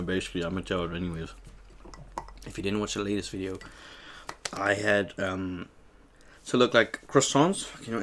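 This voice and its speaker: While eating on camera, a young man hosting a mukbang recounts a shop argument, acting it out with lively energy and plenty of cursing. His voice is lowish, and the recording has a little hiss or hum.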